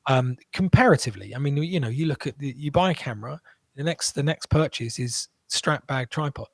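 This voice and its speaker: A man tells his story as an interview guest, animated and full of quick restarts. His voice sits at a middle pitch. He is recorded in a dry, dead room. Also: creaky, dry recording. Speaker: guest entrepreneur.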